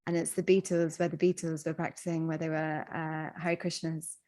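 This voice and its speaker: A woman in a reflective podcast conversation, telling a story in a gentle, thoughtful, measured way. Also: deep voice, little pitch movement.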